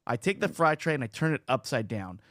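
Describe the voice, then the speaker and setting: A man co-hosting a casual podcast, telling stories in an animated, playful way. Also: medium pitch, brisk, no room sound, studio quality. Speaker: podcast co-host. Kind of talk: casual chat.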